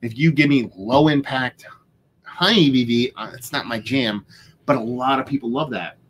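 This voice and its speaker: A man's voice: medium pitch, moderate pace, slightly rough. A young man co-hosting a beer tasting livestream, chatting casually with a joking, rambling, foul-mouthed manner.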